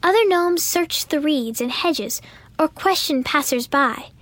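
High-voiced woman reading a story. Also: measured pace, no room sound. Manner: expressive first-person storytelling. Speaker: narrator. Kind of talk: audiobook narration.

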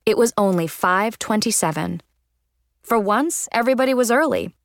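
A woman narrating a children's chapter book in the first person, with a lively, expressive delivery. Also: medium pitch, normal speed, no room sound, studio quality. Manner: lively, expressive reading with character voices. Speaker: audiobook narrator.

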